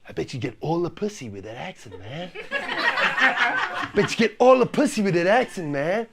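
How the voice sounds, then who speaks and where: A man's voice: high-pitched, huge pitch swings, normal speed, heavy background noise, full character voice. A man voicing a crude, swaggering American bus passenger who swears constantly.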